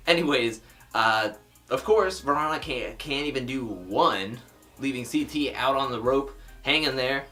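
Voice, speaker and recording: A man talks through a reality show episode in a loose, chatty vlog style, tossing off sarcastic asides. His voice sits at a middling pitch, and faint music runs underneath. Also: a bit bright. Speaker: TV recap vlogger. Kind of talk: casual recap commentary.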